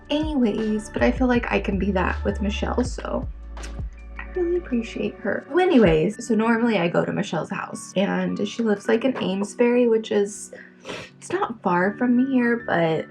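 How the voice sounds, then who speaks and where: A woman's voice: medium pitch, expressive, moderate pace, gravelly, darkish tone, soft background music. A young woman rambling casually to the camera in her bedroom, talking to her followers with lots of fillers. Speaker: vlogger. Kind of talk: casual chatty vlog.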